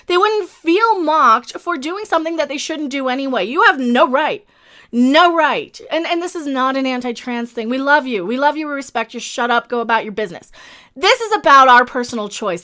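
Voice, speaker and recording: A woman's voice: high-pitched, bright, forceful tone. A woman hosting a commentary video, ranting in a heated, emphatic way, repeating her points and swearing often. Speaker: commentary channel host.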